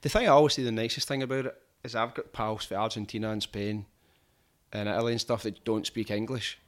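A man's voice: fairly low pitch, steady tone, fast. A man with a strong Glaswegian accent chatting casually on a podcast, swearing freely and rambling through anecdotes. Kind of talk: casual chat.

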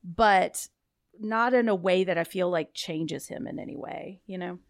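A woman's voice: on the low side, measured pace. A woman co-hosting a film podcast, talking casually and peppering her speech with "like" and "you know.". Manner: chatty, lots of "like" and "you know". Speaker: podcast co-host.

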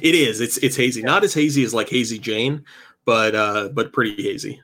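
A man's voice: mid-range voice, a little fast. A man co-hosting a late-night podcast stream, chatting casually and laughing while he tastes beer and food. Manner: relaxed, laughing, rambling about beer. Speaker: podcast co-host. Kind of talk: casual chat.

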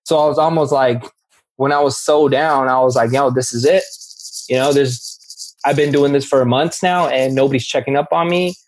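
A man's voice: medium pitch, steady tone, moderate pace. A young man speaking candidly as an interview guest, slangy and earnest, often repeating himself. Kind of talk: candid interview recounting addiction.

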